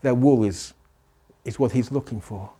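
A male pastor preaching a sermon, asking rhetorical questions and pausing for emphasis. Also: mid-range voice, dark tone, husky.

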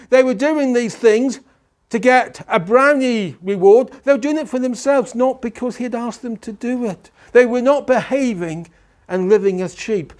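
A male pastor preaching a sermon, asking rhetorical questions and pausing for emphasis. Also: very high-pitched, a little mellow.

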